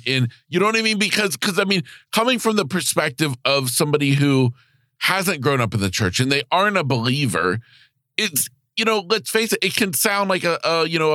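A man hosts a podcast interview and asks long, winding questions, laughing often. His voice is bright and lively, with a slightly raised pitch. The recording is dry. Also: no echo. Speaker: podcast host. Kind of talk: casual interview.

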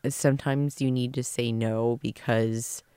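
A woman's voice: a bass voice, steady tone, measured pace, dark tone, smooth, no room sound. A woman giving earnest, rambling life advice in a casual monologue, emphatic and now and then swearing. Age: adult, past early career. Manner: earnest, rambling, emphatic, with fillers and the odd curse.

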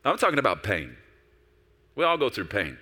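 Man, pastor, sermon, lively expressive delivery, bright tense voice, big hall reverb. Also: lowish voice, moderate pace. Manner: animated preaching, with quoted voices of God and himself.

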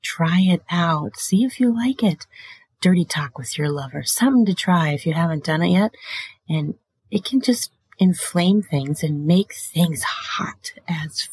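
A woman hosting a sex and relationship advice show in a casual monologue, blunt and full of swearing, often laughing and slipping into breathy whispers. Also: on the low side, a little slow, a little mellow, dry recording.

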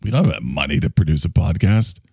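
A man's voice: low-pitched, animated, fairly quick, vocal fry, darkish tone, slightly rough, no echo, clean studio sound. A man hosting a podcast, rambling and joking at his own expense while reading out listener chat messages. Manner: joking, self-mocking, rambling. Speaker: podcast host. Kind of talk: casual live-stream podcast monologue.

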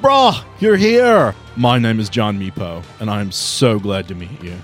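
A man's voice: fairly low pitch, normal speed, faint music behind, close to an everyday voice. A man voicing a laid-back young stoner bro who keeps saying "like" and "bro" in a surfer drawl. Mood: excited.

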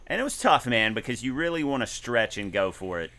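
A man's voice: medium pitch, very animated, a little fast, bright, forceful tone. A man co-hosting a podcast, chatting casually from his garage about a song he covered, rambling with restarts and singing short snippets. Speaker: podcast co-host and musician. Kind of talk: casual chat. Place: home garage.

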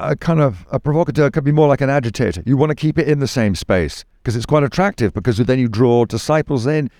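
A man's voice: medium pitch, a little mellow, no room sound. A man from the United Kingdom speaks in an everyday mid-range voice, weighing his words and often circling back with restarts and fillers. His voice is recorded close and dry, with no room sound. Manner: thoughtful, hesitant with many restarts and fillers. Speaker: guest. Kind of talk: conversational interview.

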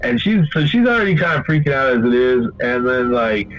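A man telling a long story in casual chat, rambling and swearing a lot, getting animated when he quotes people. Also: medium pitch, fairly quick, muffled recording, soft background music.

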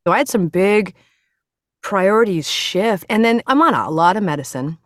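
A middle-aged woman in casual conversation, telling a story fast and with energy and acting out the voices of other people. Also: mid-range voice, expressive, no room sound, studio quality. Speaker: interview guest.

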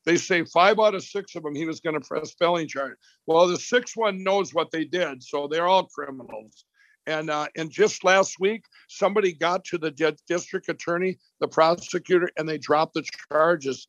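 A man's voice: on the high side, dry recording. Rambling man on a dull remote line. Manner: rambling, frequent restarts and repeats. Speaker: company CEO, interview guest. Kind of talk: animated call-in interview.

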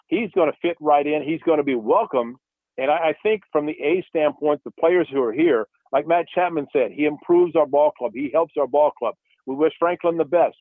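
A man's voice: fairly high pitch, no echo. A man who once played catcher, talking baseball in casual radio chat and acting out old exchanges as he tells stories. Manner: animated storyteller, acts out dialogue. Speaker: baseball broadcaster, former catcher. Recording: dry phone-like radio line.

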